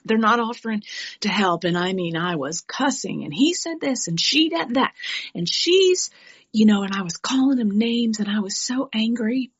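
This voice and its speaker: Her voice medium-pitched and slightly rough, a middle-aged woman from New York speaks at normal speed, sharing openly and animatedly at a recovery meeting with blunt asides. The audio has its highs cut off.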